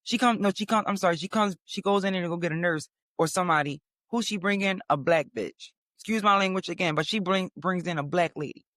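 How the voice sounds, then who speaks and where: High-voiced man telling a profane story. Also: fast, hardly any pauses, no echo, clean studio sound. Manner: animated, profane, dramatic storytelling. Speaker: podcast host. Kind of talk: storytelling monologue.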